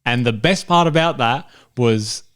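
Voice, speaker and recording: A man's voice: medium pitch, fairly bright tone, clean tone. A man co-hosting a film review podcast, chatting casually and jokily, often stopping and restarting his sentences. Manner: halting, restarts sentences, jokey. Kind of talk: casual chat.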